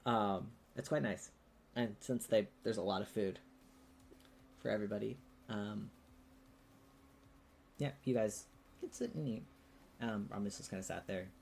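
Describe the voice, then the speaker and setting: A man narrating as game master of a tabletop role-playing game, with many fillers and pauses. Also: lowish voice, gravelly, darkish tone, a little hiss or hum. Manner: hesitant, lots of fillers.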